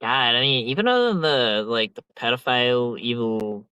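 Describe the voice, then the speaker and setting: A man's voice: medium pitch, animated, moderate pace, pushed and bright, clear, resonant tone, dry recording, muffled recording. A young man chatting casually as a podcast host, rambling and slangy with heavy filler and swearing. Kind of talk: casual chat.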